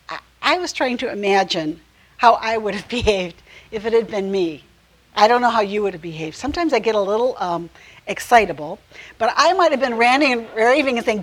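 A woman teaching a Bible study in a conversational way, earnest, with frequent pauses, ums and restarts. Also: medium pitch, expressive, poor audio.

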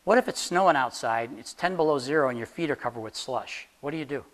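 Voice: mid-range voice, animated, fast. An instructor giving a class practical interview advice in a chatty, joking way, often asking the room questions. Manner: jokey, laughs at own jokes. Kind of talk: classroom talk on job interviews.

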